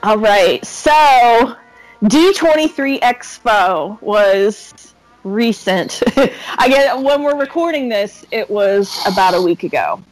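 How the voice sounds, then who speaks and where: A woman's voice: mid-range voice, expressive, takes it slowly, soft background music, poor audio. A woman hosting a casual podcast, upbeat and giggly as she keeps things orderly. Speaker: podcast host.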